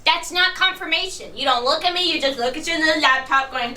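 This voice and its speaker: A woman's voice: high-pitched, brisk, bright, forceful tone. A woman coworker in an office comedy skit, nagging and exasperated as she questions him. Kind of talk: mockumentary comedy acting.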